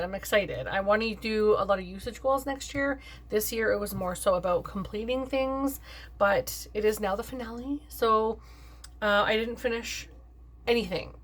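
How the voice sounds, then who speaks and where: A woman's voice: medium pitch, a bit bright, husky. A young adult woman talking casually through her makeup products as a beauty vlogger, chatty and upbeat, filling her sentences with "like" and "um". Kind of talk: casual makeup review chat.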